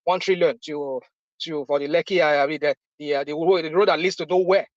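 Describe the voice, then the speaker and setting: A man's voice: fairly high pitch, fairly even intonation, brisk, no room sound. A Nigerian man in his fifties talks bluntly and with passion in a heated live audio chat, circling back over his points as he speaks. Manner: impassioned, repetitive, blunt. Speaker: discussion panelist. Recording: dull lo-fi audio.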